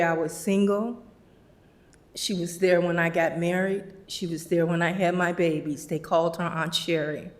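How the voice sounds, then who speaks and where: Brief: middle-aged woman, eulogy storyteller, laughs through anecdotes, mimics voices. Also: fairly low pitch. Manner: anecdotal, laughs often, acts out quoted voices. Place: funeral service.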